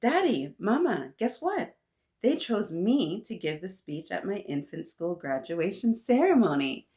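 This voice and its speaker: A woman voicing a young girl who misses her mother, speaking in a high, pleading, childlike way. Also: lively intonation, measured pace, dark tone. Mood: excited.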